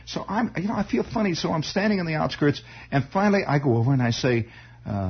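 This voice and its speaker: A man tells a rambling personal story, stumbling and restarting as he goes. His voice is very raspy and husky, and its pitch rises and falls a lot. The recording is dull and lo-fi. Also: lively intonation. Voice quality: raspy, halting, full of restarts. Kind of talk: spoken storytelling monologue.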